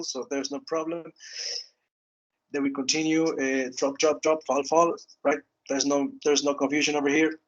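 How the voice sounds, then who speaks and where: Halting teacher, tags "no?". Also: male voice, mid-range voice, poor audio. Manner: halting, repeats words, frequent "okay" and "no?" tags. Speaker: English teacher. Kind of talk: online grammar lesson.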